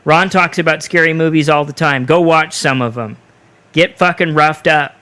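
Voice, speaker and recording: A man's voice: on the high side, moderate pace, bright, forceful tone, clear, resonant tone, no echo. A man co-hosting a podcast in casual chat, ranting bluntly and swearing freely. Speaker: podcast co-host.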